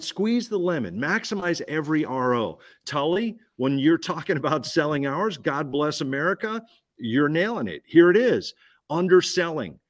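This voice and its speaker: A man giving an energetic business pitch at a roundtable, punchy and repetitive, firing questions at the listener. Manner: punchy, repeats key phrases, asks listener questions. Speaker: guest speaker.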